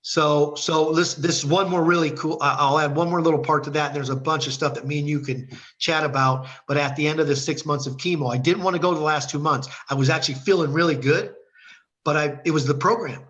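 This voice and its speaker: A man's voice: fairly high pitch, fairly even intonation, brisk, fairly bright tone, lo-fi sound. A middle-aged man from Ohio, a guest telling his faith testimony in an earnest, storytelling way over a video call. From Ohio, USA. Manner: earnest storyteller who acts out quoted dialogue.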